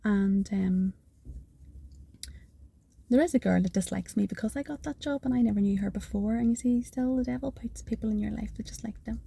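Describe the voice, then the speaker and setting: Husky, breathy woman. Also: a little high, brisk, warm tone. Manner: breathy, half-whispered, earnest delivery. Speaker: person giving a faith testimony. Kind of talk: personal testimony storytelling.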